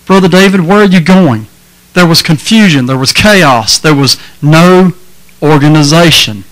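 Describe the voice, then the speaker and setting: Folksy man, middle-aged, slightly high voice, joking youth-rally preacher. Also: fairly bright tone, rough recording. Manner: folksy, joking, crowd-engaging. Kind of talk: lively sermon to a youth crowd. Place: large hall with a crowd.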